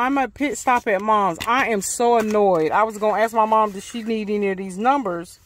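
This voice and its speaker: A woman with a Southern US accent chatting casually to her viewers in a DIY vlog, folksy and quick to get riled up. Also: mid-range voice, fairly bright tone, slight background noise. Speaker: DIY vlogger.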